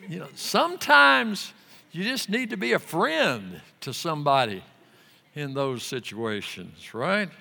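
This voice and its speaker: A man delivering a sermon, slowly and deliberately. His voice is bright and forceful and sits a little high. It carries a long reverb, like a sanctuary. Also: sing-song, creaky. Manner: slow, emphatic scripture reading. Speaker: pastor.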